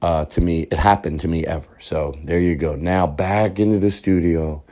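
Deep-voiced man in a voice memo. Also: steady tone, moderate pace, mellow. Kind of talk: voice memo played on the podcast.

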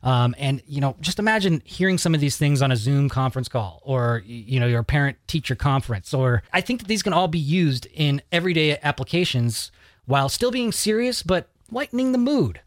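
Brief: male podcast host, relaxed and joking, a touch high-pitched, dead-dry booth sound. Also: fairly quick, no room sound. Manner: loose, joking, swears casually. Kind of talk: casual podcast chat.

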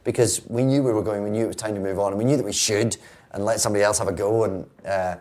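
Scottish guy on a podcast, lowish voice, talks fast, wry and playful. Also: fairly even intonation, darkish tone. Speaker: actor guest. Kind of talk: casual interview chat.

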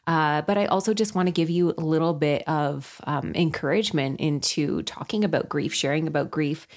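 A woman's voice: deep voice, brisk. A woman hosting a podcast, introducing her guest and interviewing her in an earnest, affirming way over a call. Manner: earnest and affirming, many "yeah"s. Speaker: podcast host. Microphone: remote call.

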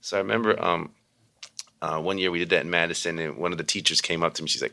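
Man, deep voice, bright tone, quick pace, casual storytelling, meditation teacher. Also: creaky. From Baltimore. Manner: animated, acts out voices in quotes.

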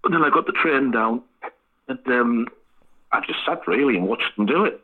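A man with a husky voice, telling sweary, laughing anecdotes as a band frontman guest in a casual interview. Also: mid-range voice, lively intonation, normal speed. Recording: tinny phone line.

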